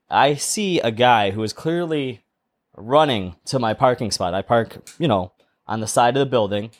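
A man co-hosting a casual podcast, telling a story at length and acting out the people in it. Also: mid-range voice. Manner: animated storyteller, acts out quoted voices. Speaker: podcast co-host.

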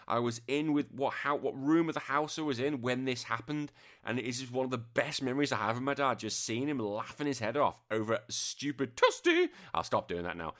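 A man's voice: mid-range voice, a bit bright. An Englishman in his thirties hosting a podcast, chatting casually, swearing freely and telling stories with animation. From England. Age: 30s. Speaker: podcast host.

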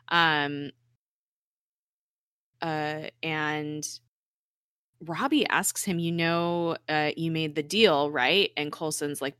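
A woman's voice: sits low, takes it slowly, dry recording, studio quality. A woman co-hosting a casual podcast, recapping a TV episode with lots of laughs and emotion. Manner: animated, laughing, tearful recapping. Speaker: podcast co-host.

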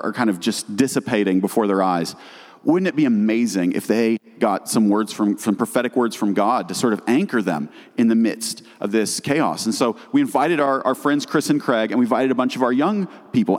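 A man's voice: medium pitch, long reverb tail. A middle-aged missionary man giving an earnest church testimony, telling a story with many small restarts. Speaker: missionary speaker.

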